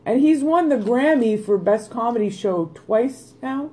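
High-voiced excitable male podcast co-host. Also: a little slow, a little hiss or hum. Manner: excitable, swears freely. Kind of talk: casual chat.

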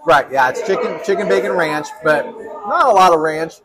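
A man with a fairly high voice co-hosts a casual podcast, teasing his partner in a playful, drawn-out way. He is a pastor from the West Coast, recorded at a brewery with faint music behind him.

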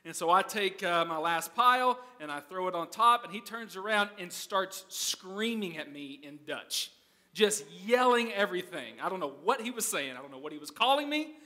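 A man's voice: high-pitched, lively intonation, normal speed, sharp tone. An American man preaching a sermon as pastor, telling stories in a chatty way and often checking in with the audience. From United States. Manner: conversational storytelling, keeps asking "okay?".

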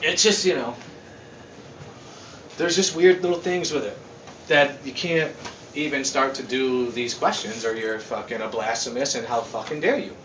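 A man's voice: medium pitch, moderate pace, a little hiss or hum. A man ranting casually and sarcastically with lots of swearing, in a living room. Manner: profane, sarcastic, animated ranting. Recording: roomy room, mic at a distance.

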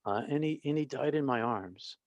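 A man, a former pastor and end-of-life counselor, telling stories as an interview guest with halting restarts. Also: mid-range voice, animated, dry recording, highs cut off. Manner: halting, many restarts, vivid retelling.

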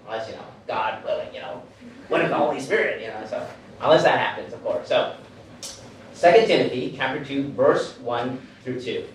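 Young male pastor in training, relaxed chatty sermon, recorded from a distance in a reverberant church hall. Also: mid-range voice, moderate pace, slight background noise. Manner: casual, self-deprecating preaching with many fillers. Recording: very echoey hall, distant mic.

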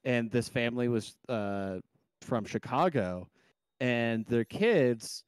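A man's voice: mid-range voice, expressive, takes it slowly, clear, resonant tone, dry recording. A man co-hosting a podcast, rambling through an anecdote in casual chat. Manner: rambling, many fillers and restarts. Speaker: podcast co-host.

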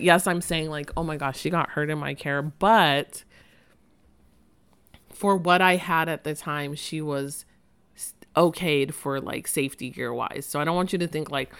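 Low smooth-voiced woman podcaster. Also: fairly bright tone. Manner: chatty, emotional, laughs often. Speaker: podcast host. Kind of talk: casual podcast monologue.

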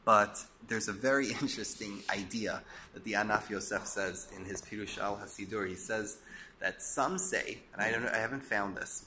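A man teaching a Torah class, explaining and posing rhetorical questions, a bit hoarse and coughing as he loses his voice. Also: on the low side, bright, forceful tone, a little hiss or hum. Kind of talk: lecture.

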